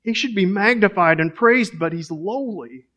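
A man's voice: high voice, normal speed, bright, forceful tone, dull audio, pitched above the performer's own voice. A male preacher voicing an impulsive, flustered male disciple who exclaims in agitation. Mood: dismayed.

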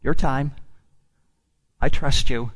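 A middle-aged man preaching a sermon, swinging from hushed near-whispers to loud, emphatic peaks. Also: mid-range voice, fairly even intonation, slow pace, husky.

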